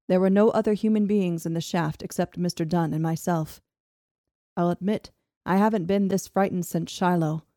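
A woman hosting a podcast, reading a ghost story from a script in a steady storytelling manner. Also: lowish voice, no echo, studio quality. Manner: steady storytelling with laughs between. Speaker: podcast host. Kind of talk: reading a history script with banter.

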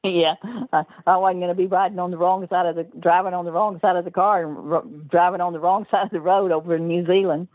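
A woman's voice: fairly low pitch, steady tone, quick pace, no echo. An older woman telling stories as an interview guest, rambling and laughing often mid-sentence, heard over a tinny phone line.

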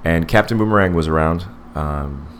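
A man's voice: low voice, normal speed, a little hiss or hum. A man in his forties co-hosting a casual podcast movie review, rambling with many fillers and restarts. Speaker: podcast co-host.

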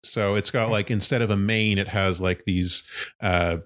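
A man with a deep, low-pitched voice narrates a tabletop game as its game master. He describes scenes in a loose, searching way, stopping for filler words as he goes. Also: fairly even intonation, moderate pace, fairly bright tone, slight background noise.

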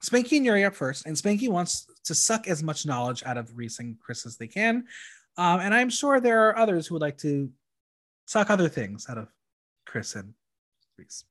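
A man's voice: sits high, very animated, normal speed, a bit bright. A young man hosting a podcast, recapping episodes in a chatty, campy way with frequent ums. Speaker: podcast host recapping a reality show. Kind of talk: casual chat.

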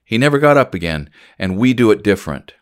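A man reading the part of a calm, firm older blacksmith who gives steady commands. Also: fairly low pitch, fast.

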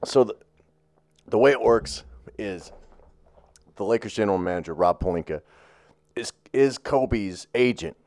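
Low-ish guy rambling about sports, swears a lot, loads of um and like. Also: a little slow, pauses often, a little mellow. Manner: rambling, profane, full of fillers and restarts. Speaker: sports show co-host. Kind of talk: casual sports chat.

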